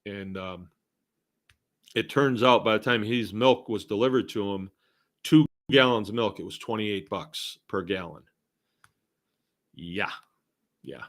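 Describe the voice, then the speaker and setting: A man's voice: on the low side, unhurried, long pauses, a bit bright. A middle-aged man from Massachusetts hosting a casual live stream, reading viewer comments aloud and rambling along with chuckling asides. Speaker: host.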